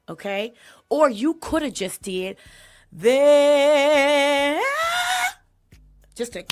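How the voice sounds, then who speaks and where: A woman hosting a comedic vocal critique, sassy and mocking, bursting into exaggerated loud sung imitations. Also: mid-range voice. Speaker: host critiquing a singer. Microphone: desk mic.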